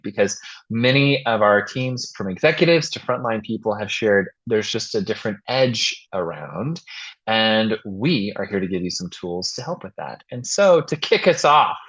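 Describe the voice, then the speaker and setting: A man hosting a podcast, telling stories in a casual, animated way and acting out the voices of people he quotes. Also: lowish voice, slightly rough, lo-fi sound. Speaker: podcast host. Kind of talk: casual chat and storytelling.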